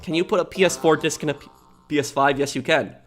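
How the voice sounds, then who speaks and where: A man's voice: a little high, soft background music. Rambling man. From New York. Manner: rambling, halting, repeats words while thinking. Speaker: game streamer. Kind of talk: casual chat while gaming.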